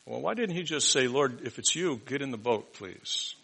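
A man preaching a sermon, moving from hushed, reflective passages to loud, emphatic proclamations. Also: medium pitch, expressive, a little fast, gravelly, breathy edge, rough recording. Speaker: pastor.

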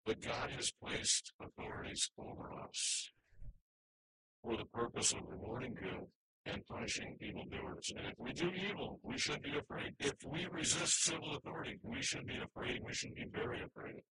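Earnest bright-voiced male preacher. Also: mid-range voice, sing-song, moderate pace, slight background noise, rough recording. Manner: earnest, emphatic preaching with restarts. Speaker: pastor. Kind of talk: sermon.

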